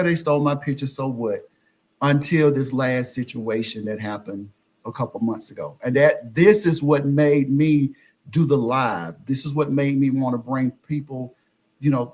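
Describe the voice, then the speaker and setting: Animated male podcast guest telling stories. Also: medium pitch, breathy edge. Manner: animated, acts out quoted exchanges. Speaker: podcast guest, social media influencer. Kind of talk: conversational storytelling.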